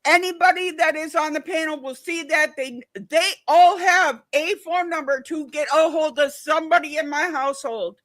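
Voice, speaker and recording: Her voice is high-pitched and she speaks at normal speed with few pauses. On a casual livestream, the woman tells her stories bluntly and profanely, with lively animation, and the sound carries no echo.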